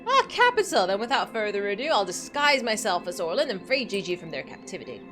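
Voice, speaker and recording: Woman doing a pompous old gentleman rogue. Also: sits high, big pitch swings, a little fast, over music, pitched above the performer's own voice. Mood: grandiloquent. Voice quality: plummy put-on British-style accent. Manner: grandiloquent, flowery. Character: pompous elderly gentleman adventurer, theatrical.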